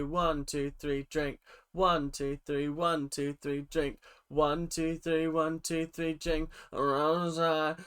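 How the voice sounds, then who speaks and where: A man chats his way through a reaction video from his bedroom. His voice sits a little high and sounds bright and forceful, and he keeps the talk loose and animated with sudden squealing mimicry. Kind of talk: casual commentary.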